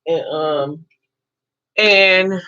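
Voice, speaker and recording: Here a woman in her fifties stretches out her words in a fairly low, bright and forceful voice. She's hosting an informal live chat and answers viewers' comments as she talks, all captured in lo-fi sound.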